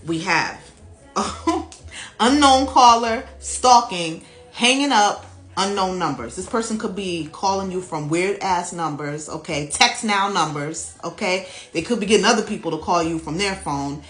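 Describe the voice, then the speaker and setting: A woman's voice: on the low side, a little slow. Chatty woman tarot reader, echoey room. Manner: animated and chatty, laughs often, talks to viewers directly. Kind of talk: casual tarot reading to camera. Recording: echoey room with faint music behind.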